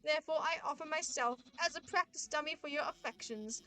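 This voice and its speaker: A proud, earnest skeleton, put on by a woman, announces everything in grand, formal phrases. The voice sits high and sounds bright and sharp. It is a game character read aloud during a stream. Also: fairly quick, soft background music. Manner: proud, eager declarations. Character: boastful, cheerful male skeleton, earnest and grand. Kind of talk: reading a visual novel aloud on a livestream.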